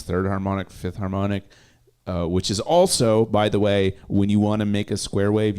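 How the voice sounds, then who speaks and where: A man's voice: sits low, a little mellow, clear, resonant tone. A man co-hosting a casual livestream chat, explaining music theory, reading out chat comments and laughing often. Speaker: co-host.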